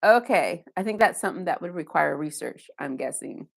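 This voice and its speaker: Speaking fairly quickly with vocal fry, a woman whose expressive voice is on the low side streams live from her home basement. She casually works through viewer chat comments one at a time, chatting loosely and poking fun at herself along the way.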